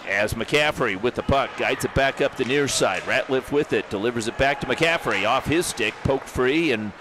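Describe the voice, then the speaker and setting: A man doing live play-by-play of an amateur hockey game, brisk and jokey, rising to shouts on big plays. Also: medium pitch. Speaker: play-by-play commentator. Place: hockey arena broadcast booth. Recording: rink commentary with loud crowd and arena noise.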